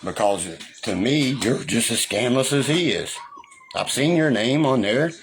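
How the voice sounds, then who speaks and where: A man's voice: mid-range voice, lively intonation, a little slow, slight background noise. A man ranting angrily on a livestream, swearing constantly and taunting his critics. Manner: profane, combative, taunting. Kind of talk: angry livestream rant.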